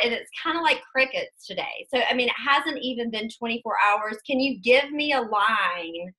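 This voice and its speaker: A woman with a Southern US accent asking a question on a conference call, chatty and animated. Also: a little high, normal speed, hardly any pauses, rough recording. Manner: chatty, animated, self-deprecating. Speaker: caller.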